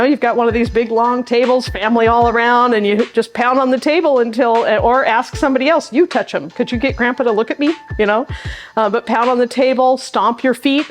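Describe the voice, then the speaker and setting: A middle-aged woman and sign language interpreter, explaining practical tips in a friendly, emphatic way, often with demonstrations. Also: a little high. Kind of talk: instructional talk to camera.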